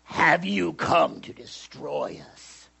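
A man voicing a menacing demon during a sermon, in a low, gravelly, creaking whisper. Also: slow pace, sharp tone, dull audio, heavily acted. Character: snarling male demon, menacing and cornered. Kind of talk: dramatic reading in a sermon.

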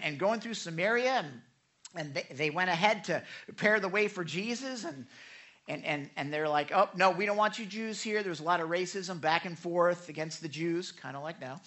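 A woman preaching with a bright, sharp-edged voice. She delivers the sermon in an animated way, stumbling over repeated words as she goes. She slips into the voices of the people she quotes. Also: on the low side. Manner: animated, frequent stammered repeats; acts out quoted speakers.

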